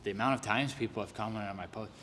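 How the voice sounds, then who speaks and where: A man's voice: on the low side, fast, a bit bright, in a large hall, a little hiss or hum. A man speaking as a podcast guest on knee training, earnest and building to heated emphasis in casual conversation.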